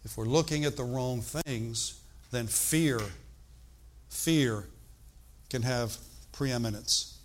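An older man preaching a sermon, animated and emphatic, moving between loud outbursts and hushed, slow emphasis. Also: medium pitch, a little hiss or hum.

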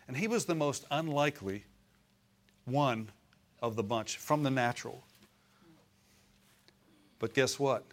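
A man preaches at a middle pitch, easy and conversational. He keeps checking in with his listeners, asking questions as he goes. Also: unhurried, pauses often, a bit bright. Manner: acts out voices in quotes. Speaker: pastor. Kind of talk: sermon.

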